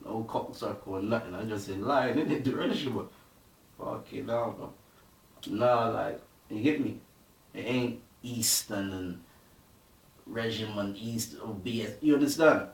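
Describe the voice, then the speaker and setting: A man's voice: on the low side, a little slow, creaky. Young male Bristol MC, slangy street talk and freestyle bars, roomy sound, heard from across the room. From Bristol, England. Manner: slang-heavy, keeps asking "you get me", "innit". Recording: roomy, distant from the mic.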